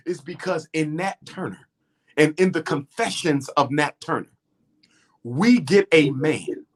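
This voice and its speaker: A middle-aged man talks like a preacher, his voice swinging widely in pitch as he drives each point home. He sits a little higher than most men and uses repetition and rhythm to build. It is an impassioned talk, not a script. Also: fairly bright tone. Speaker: guest speaker. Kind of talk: impassioned lecture in conversation.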